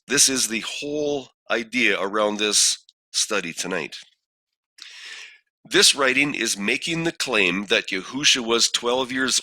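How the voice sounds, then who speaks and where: A man teaching a scripture study lesson, posing questions and reading verses aloud in a deliberate way. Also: lowish voice, sharp tone, no echo. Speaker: bible teacher.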